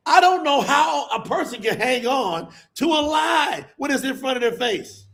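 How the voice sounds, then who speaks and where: A man preaching with fire to a live audience, emphatic and colloquial, calling out to the crowd as y'all and bursting into shouts. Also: very high-pitched, animated, measured pace, gravelly, slight background noise. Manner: colloquial, addresses listeners as y'all. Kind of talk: fiery sermon to a live audience.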